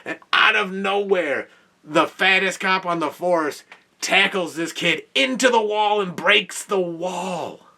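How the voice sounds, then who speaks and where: A young man, host of a podcast, telling an animated work story in a casual way with exclamations and laughs. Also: high-pitched, slow pace, creaky, recorded from a distance.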